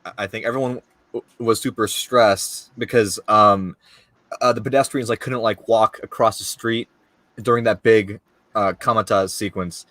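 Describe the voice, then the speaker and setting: A man's voice: fairly low pitch, fairly even intonation, moderate pace, fairly bright tone, no room sound. A man with a New York accent, telling a story in casual chat, laughing often and full of fillers. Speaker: panelist telling a film-shoot story.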